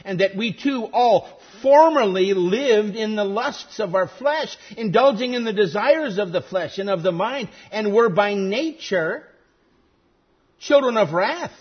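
Emphatic high-voiced male preacher, slow. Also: slightly rough. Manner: deliberate, emphatic, dwells on single words. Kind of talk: expository sermon. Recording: dull lo-fi sermon recording.

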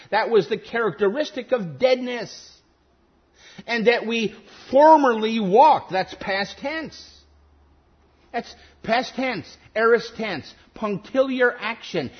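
A male preacher with a high, husky voice that swoops widely as he teaches through a text. He speaks slowly and deliberately, leaning hard on single words. The recording is dull and lo-fi. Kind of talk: expository sermon.

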